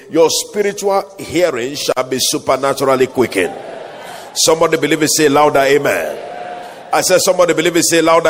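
A man's voice: fairly high pitch, in a large hall. A man preaching a sermon, quoting scripture in old-style wording and calling on the crowd to say amen. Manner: preaching with calls for amen and King James quotations.

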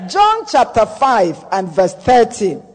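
A man preaching in a very high voice with a lively, swooping melody. He speaks slowly and deliberately, repeating key phrases for emphasis and declaring blessings over his listeners. A long church-hall reverb trails his words. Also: some chatter behind. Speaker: pastor. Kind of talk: sermon.

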